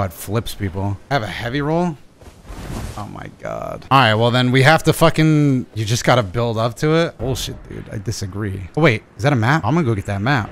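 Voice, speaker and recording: A man giving excitable, profane let's play commentary, bursting into yelps and laughter as he plays. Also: mid-range voice, slight background noise. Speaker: gaming video creator.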